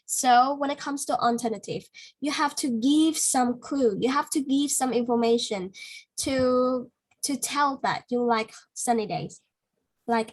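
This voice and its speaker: Vietnamese-accented woman tutoring, higher voice. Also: poor audio. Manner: patient, corrective, many "like" fillers. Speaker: English speaking tutor. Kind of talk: one-to-one speaking lesson.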